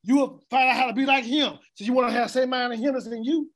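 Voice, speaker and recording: A man's voice: very high-pitched, fairly even intonation, fast talker, a bit bright. A man preaching an interactive Bible teaching, asking the congregation questions and repeating words as he reads scripture. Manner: call-and-response questioning, stammering repeats. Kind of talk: interactive sermon.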